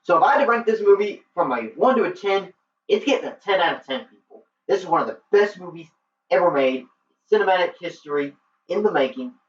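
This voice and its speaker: A man's voice: high voice, expressive, brisk, slight background noise. An eager man rambles through a casual movie review, full of ums and restarts. He sits some way off the mic in an echoey room, and the sound is dull and lo-fi. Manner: eager, rambling, many fillers. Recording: roomy, distant, dull lo-fi.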